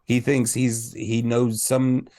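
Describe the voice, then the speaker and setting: A man's voice: mid-range voice, flat delivery, slow pace, dark tone. A man in a casual film review chat who talks hesitantly, restarting his sentences and laughing along. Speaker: podcast co-host.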